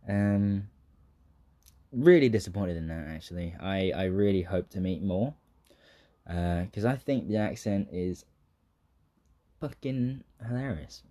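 This young man from southern England has a fairly low, warm voice and a matching accent. He talks casually in a rambling monologue, swearing freely, laughing a lot and wandering off on tangents.

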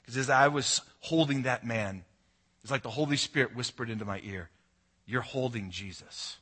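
Male pastor, sermon storytelling, bright forceful tone, earnest with hushed-to-emphatic swings. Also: medium pitch, a little fast.

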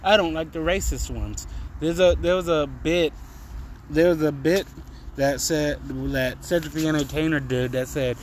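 A man ranting through a solo comedy podcast, profane and meandering and loaded with fillers. His voice sits somewhat high for a man, and there is a faint hiss of noise behind it. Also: fairly even intonation, a little slow, poor audio. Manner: profane, rambling, frequent fillers. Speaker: podcast host. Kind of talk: casual comedic monologue.

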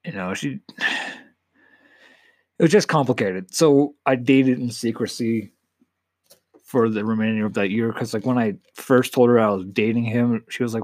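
A man's voice: mid-range voice, measured pace, long pauses, darkish tone, dry recording. An eighteen-year-old man hosting a casual solo podcast, talking candidly and emotionally in a rambling way with frequent swearing. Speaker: podcast host.

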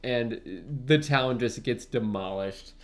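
A man's voice: medium pitch, takes it slowly. A man casually recapping a movie plot on a podcast, acting out quotes and laughing often. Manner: animated retelling, laughs often, acts out quotes. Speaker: podcast co-host.

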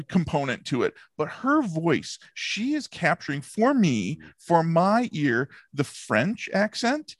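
A man's voice: on the high side, dry recording, studio quality. A man hosting a casual book club podcast, talking enthusiastically and laughing often. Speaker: podcast host.

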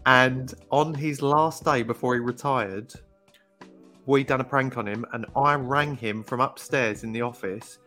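Brief: man, casual podcast co-host, lively storyteller, middle-pitched voice, faint music behind. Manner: storytelling, acts out quoted voices. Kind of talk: casual chat.

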